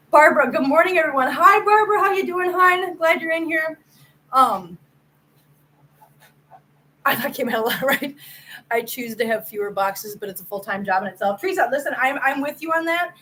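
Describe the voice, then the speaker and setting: A woman's voice: high voice, expressive, moderate pace, pushed and bright, a little hiss or hum, rough recording. Chatty, emphatic woman hosting a livestream. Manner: chatty and emphatic, often laughing, talks to viewers by name; repeats herself for emphasis. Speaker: host of a cat channel. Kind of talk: casual livestream chat.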